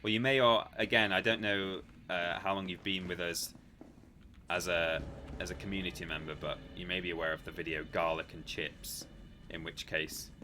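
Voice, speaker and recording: A man's voice: sits low, steady tone, moderate pace, pushed and bright, slight background noise. A man hosting a live stream, chatting casually and jokily while reading viewer messages aloud. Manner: chatty, jokey, reads chat aloud with mock defensiveness. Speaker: livestream host.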